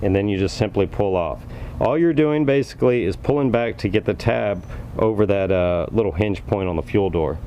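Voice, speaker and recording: A man's voice: on the low side, moderate pace, mellow, a little hiss or hum. A man casually talking viewers through a car part install, upbeat and folksy. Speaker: car enthusiast vlogger. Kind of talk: casual how-to talk.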